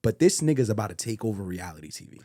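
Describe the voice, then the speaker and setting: A man's voice: on the low side, very animated, rapid-fire, mellow, dry recording, clean studio sound. Blunt emphatic podcast man. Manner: blunt, emphatic, profane opinions. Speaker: podcast co-host. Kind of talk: casual podcast chat.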